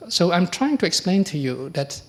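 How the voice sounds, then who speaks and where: A middle-aged man, a monk giving a conversational dharma talk, often asking the audience questions and acting out quoted exchanges. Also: normal speed. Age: middle-aged or older. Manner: acts out quoted exchanges with lively pitch jumps. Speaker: Buddhist monk teacher.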